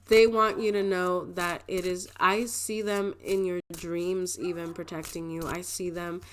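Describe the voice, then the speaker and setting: A woman with a somewhat low voice gives a casual tarot reading to her viewers. She rambles emotionally and fills her speech with "like" and quick laughs. A faint hiss sits under her voice. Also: fairly even intonation. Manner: rambling, emotional, with frequent laughs and filler words. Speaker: tarot reader. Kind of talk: casual spiritual card reading.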